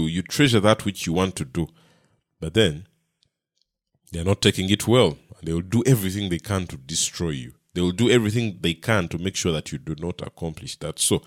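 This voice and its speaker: A man preaching a sermon, building points through repetition and often checking with a quick "yeah?". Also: on the low side, no echo, studio quality. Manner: repetitive, emphatic, frequent "Yeah?" checks to listeners.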